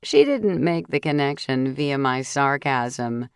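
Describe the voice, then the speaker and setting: A woman reading a first-person mystery audiobook, telling the story steadily and clearly while voicing the dialogue. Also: extremely low pitch, expressive, slow pace, hardly any pauses, no room sound, studio quality. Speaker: audiobook narrator.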